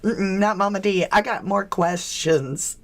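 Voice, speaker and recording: Lady doing a true crime live stream, slow easy talk, chatty, keeps asking questions. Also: medium pitch. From southern United States. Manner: chatty, greets viewers, questioning tone. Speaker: true crime livestream host. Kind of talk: casual livestream chat.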